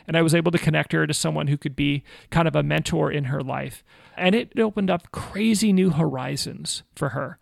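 A man with a strongly gravelly, creaky voice, pitched a touch above the usual, talks through a faith conversation in an animated storytelling way. The sound is dry and close. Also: brisk, no room sound. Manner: animated storyteller, acts out quotes. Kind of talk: casual faith talk with storytelling.

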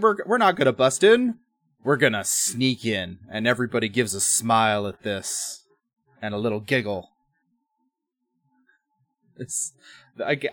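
A man's voice: mid-range voice, a bit bright, no echo. A man co-hosting a podcast, recapping an episode in casual chat, rambling with restarts and wry asides. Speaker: podcast co-host.

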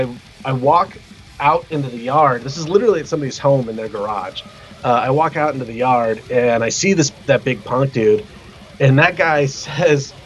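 A man telling a rowdy tour story as a guest, swearing freely and acting out the quotes in other voices, sometimes shouting. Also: medium pitch, dull audio, slight background noise. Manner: animated, profane, acts out quotes with shouts. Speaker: guest musician. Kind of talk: casual storytelling.

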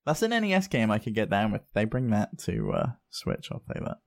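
A man co-hosting a gaming podcast in relaxed casual chat, trailing off mid-thought and laughing along. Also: lowish voice, a little fast, gravelly. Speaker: podcast co-host.

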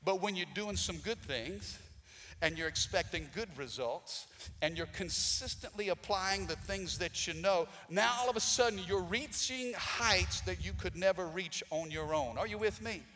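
A man's voice: high-pitched, moderate pace, bright, forceful tone, long reverb tail, a little hiss or hum. A man preaching a Sunday sermon as pastor, calling for responses from the congregation and rising to emphatic peaks. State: out of breath. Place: church sanctuary.

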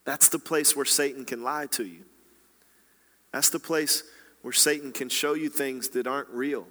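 A man preaching a sermon as a pastor, swinging between hushed, quiet passages and loud, rising exhortation. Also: medium pitch, moderate pace, long reverb tail.

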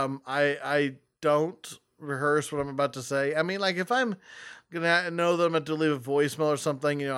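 Young guy rambling thru a story, lots of restarts, smooth clear voice. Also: a little high, fairly bright tone. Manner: rambling with many restarts and laughs. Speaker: video answering personal questions. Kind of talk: casual storytelling.

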